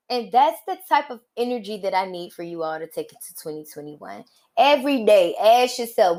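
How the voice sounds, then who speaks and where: A woman hosting her own podcast, giving motivational talk with drawn-out, emphatic pauses and colloquial phrasing. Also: mid-range voice, animated, darkish tone. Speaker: podcast host.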